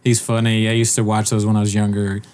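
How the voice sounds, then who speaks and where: A man's voice: lowish voice, completely flat delivery, fast, darkish tone, smooth. A man hosting a podcast in casual chat, joking, swearing freely and slipping into mocking impressions. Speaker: podcast host.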